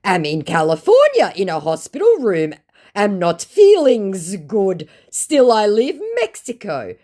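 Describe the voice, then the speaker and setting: A woman voicing a fawning male romance scammer who speaks slow, broken English. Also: mid-range voice, wildly swooping pitch, dark tone, pitched above the performer's own voice. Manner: slow, syrupy, clumsy grammar.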